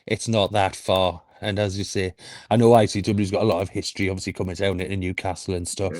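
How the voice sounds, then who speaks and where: A man's voice: low voice, flat delivery, darkish tone, no room sound. Laid-back, jokey man on a podcast. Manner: laid-back and jokey, laughs often, halting starts. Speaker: podcast co-host. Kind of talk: casual wrestling podcast chat.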